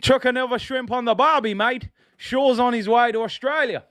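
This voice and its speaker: A man's voice: high voice, normal speed, smooth, no echo, studio quality, voice pushed up, natural voice. A man playing a cheery, boastful mock Australian bloke in an exaggerated, jokey, sing-song way.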